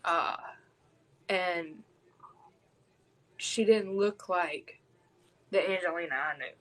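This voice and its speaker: A woman's voice: fairly low pitch, slow, a bit bright, low-quality recording. A woman, hosting a podcast and telling a personal story in a raw, blunt way, swearing heavily. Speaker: podcast host.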